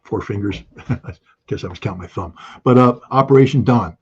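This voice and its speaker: Urgent, emphatic man with a husky voice. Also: lowish voice, a little fast, darkish tone, highs cut off. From United States. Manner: urgent, emphatic, repeating key phrases. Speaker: guest commentator. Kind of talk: impassioned political talk.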